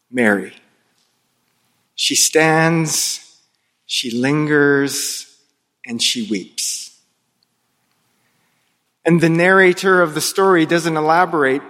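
A man preaching an Easter sermon as pastor of a church, telling the story slowly and dramatically with hushed pauses. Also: a little high. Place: church sanctuary. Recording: long reverb of a large hall.

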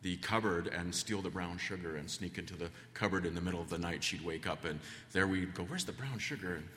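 Low-voiced man preaching in echoing church. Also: fairly even intonation, a little fast, fairly bright tone. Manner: folksy, rambling, many fillers. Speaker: guest preacher. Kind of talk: sermon with storytelling. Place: church sanctuary. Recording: long church reverb.

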